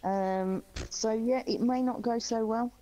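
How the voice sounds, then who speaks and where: Dry, mellow-voiced woman chatting. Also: on the high side, steady tone, measured pace, a little hiss or hum, low-quality recording. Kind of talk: casual chat.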